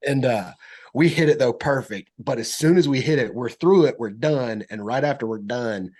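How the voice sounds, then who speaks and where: A young man, a podcast guest telling a story in casual chat, animated and acting out quotes. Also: normal speed. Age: young adult. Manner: animated storyteller, acts out quotes in high voices.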